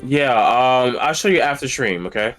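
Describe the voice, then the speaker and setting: A man's voice: medium pitch, lively intonation, normal speed, a bit bright, faint music behind. A man chatting casually on a game stream, talking in loose, chatty runs with restarts. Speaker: stream co-host. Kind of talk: casual chat.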